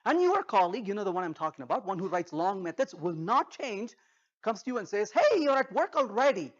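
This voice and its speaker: A man giving a humorous technical talk at a conference, an animated storyteller who acts out dialogues. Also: sits high, fairly quick, dull audio. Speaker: conference speaker. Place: conference stage.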